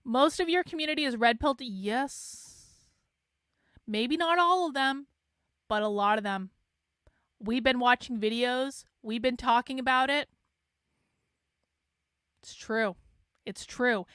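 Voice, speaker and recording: High-voiced blunt, swearing woman. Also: slow, pauses often, smooth, dry recording, studio quality. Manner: blunt and exasperated, swears freely; mocks others in flat mimicking asides. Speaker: online commentator host. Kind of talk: casual monologue.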